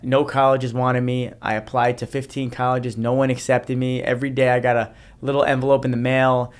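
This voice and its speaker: Podcast guest, man in his thirties from New Jersey, rapid earnest storytelling, mid pitch. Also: little pitch movement, smooth. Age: 30s. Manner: earnest, repeats himself, frequent restarts. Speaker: guest, motivational speaker. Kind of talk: personal storytelling in a podcast interview.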